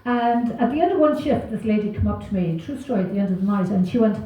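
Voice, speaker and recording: A woman's voice: medium pitch, lively intonation, fast talker, heavy reverb, distant mic, highs cut off. An Irish woman doing a stand-up comedy set on stage, self-deprecating and wry, chuckling through her punchlines. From Ireland.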